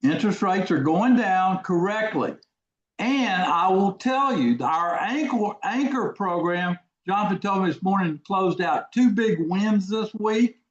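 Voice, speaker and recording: A man hosting a casual live trading webinar, folksy and repetitive, who quizzes his audience. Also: a little high. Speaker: trading course host. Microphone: video call. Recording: echoey, dull lo-fi audio.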